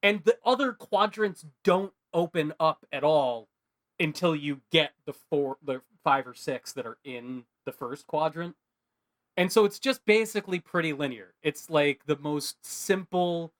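A man co-hosting a podcast in casual chat, rambling and animated, with heavy filler words. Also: on the high side, measured pace. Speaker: podcast co-host.

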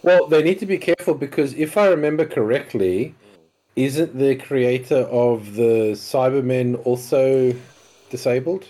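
A man's voice: medium pitch, unhurried, dark tone, low-quality recording. A man co-hosting a casual podcast, arguing his point insistently. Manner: argumentative, insistent. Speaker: podcast co-host.

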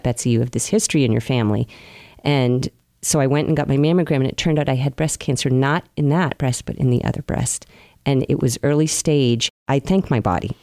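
A woman recounting her life in an interview, earnest and open, with soft pauses as she reflects. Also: extremely low pitch, no echo. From New England, US. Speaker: interview guest.

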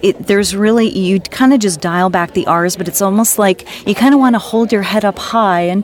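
A woman's voice: mid-range voice, fairly even intonation, normal speed, hardly any pauses. An American woman, a voice actor, chatting casually on a podcast panel and laughing easily. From United States.

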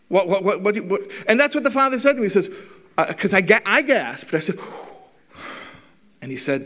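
A man's voice: high-pitched, moderate pace. A middle-aged man giving a talk to a live audience, telling stories with wry humour and acting out the dialogue. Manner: animated storyteller, acts out dialogue.

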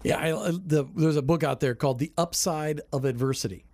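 A radio host with a somewhat high voice for a man interviews his guests. He is affable and chuckles easily, mixing his own thoughts in with the questions. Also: brisk, a little mellow, no room sound.

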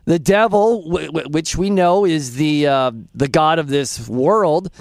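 A man's voice: a little high, measured pace, creaky, no echo. A man hosting a Christian call-in radio show, preaching earnestly and chuckling at his callers. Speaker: radio host.

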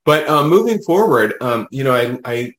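A man, a medium, telling a personal story in casual conversation, animated and full of fillers, acting out what others said. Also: medium pitch, normal speed, echoey room, poor audio. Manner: animated, retells dialogue, many fillers. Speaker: medium, podcast guest.

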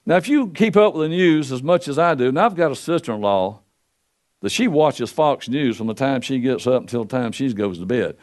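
An older pastor preaching a folksy sermon into a pulpit microphone, swinging between loud and soft. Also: male voice, lively intonation, brisk. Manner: folksy preaching with wide swings in pitch and loudness.

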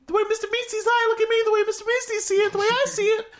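A podcast host voicing an eager, desperate cartoon helper creature in a strained, very high voice. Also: level tone, racing. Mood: frantic. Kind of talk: casual podcast chat.

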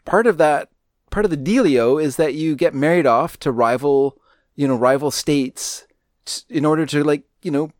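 A man's voice: a little high, moderate pace, darkish tone, no room sound, studio quality. A man co-hosting a movie podcast, chatting casually and rambling with many restarts. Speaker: podcast co-host.

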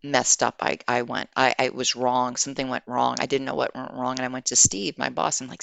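A woman guest, an HR executive, telling a career story in an animated, conversational way. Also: extremely low pitch, fairly quick, vocal fry, few pauses, dry recording. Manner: animated, acts out quoted dialogue.

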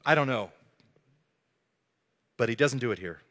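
A man's voice: mid-range voice, expressive, unhurried, fairly bright tone. A man preaching a sermon as a pastor, telling the story earnestly and acting out the quotes. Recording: echoey hall.

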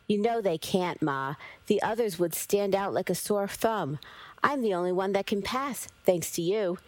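Brief: woman reading as a gentle gray clay golem son, young male, slow and soft-spoken, middle pitch, dry close sound. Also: expressive, no room sound, lightly acted. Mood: reassuring. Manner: slow, soft, few words.

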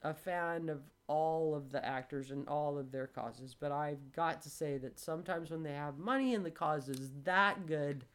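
A woman in her sixties hosting a casual chat, telling stories with animated, blunt delivery and acted-out dialogue. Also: low voice, normal speed, few pauses. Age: 60s. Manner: animated storytelling, swears freely, acts out quoted dialogue.

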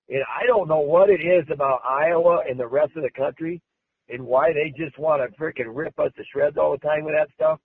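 Emphatic coach on a tinny line. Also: male voice, on the high side, husky, no echo. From United States. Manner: repetitive, emphatic, many restarts. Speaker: wrestling coach. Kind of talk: press interview. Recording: tinny phone-like sound.

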